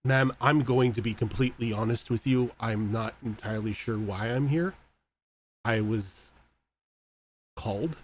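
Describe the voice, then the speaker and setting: A man's voice: medium pitch, measured pace, a little hiss or hum, lightly acted. Man playing a stammering, uneasy young man. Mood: nervous. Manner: stammering and hesitant. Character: uneasy, polite young man out of his depth.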